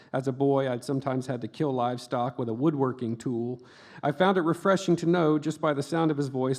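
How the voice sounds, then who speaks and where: At a book festival, a middle-aged man with a medium-pitched voice reads from his own memoir to an audience. He delivers the dark comic lines deadpan, now and then breaking off for quick offhand asides.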